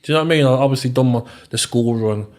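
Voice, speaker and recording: Talking very fast at medium pitch, this slightly mellow-voiced man in his thirties has a Birmingham accent. He's a podcast guest in a casual interview, relying heavily on fillers and "you know what I mean."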